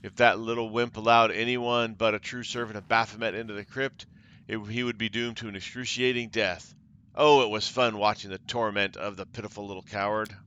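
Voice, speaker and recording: A man's voice: on the low side, moderate pace, sharp tone, smooth, highs cut off. A man voicing a cruel, taunting female cult leader while reading game dialogue aloud, with mocking theatrical delivery. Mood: gloating.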